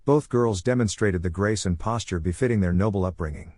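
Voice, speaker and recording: Low-voiced man narrating a story. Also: fairly quick, hardly any pauses, darkish tone, no room sound, studio quality. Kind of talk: scripted fan fiction narration.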